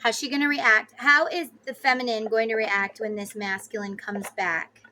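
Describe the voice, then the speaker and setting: A woman's voice: a little high, steady tone, moderate pace, pushed and bright, a little hiss or hum. A woman giving a casual tarot reading to her viewers, chatty and emphatic, sometimes blunt and swearing. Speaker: tarot reader.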